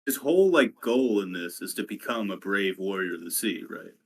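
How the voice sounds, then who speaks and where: A man's voice: deep voice, lively intonation, moderate pace, vocal fry. A man who is a podcast guest, chatting casually and tossing in laid-back, teasing interjections. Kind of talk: casual chat.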